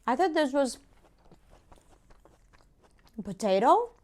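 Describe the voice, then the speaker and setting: A woman's voice: high voice, slow. Chatty woman telling a story while eating. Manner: chatty, animated retelling with quoted voices. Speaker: food vlogger.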